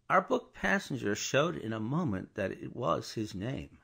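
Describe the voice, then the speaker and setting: A man giving a scripted, expressive audiobook narration. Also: mid-range voice, measured pace, creaky, few pauses, husky. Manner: expressive storytelling.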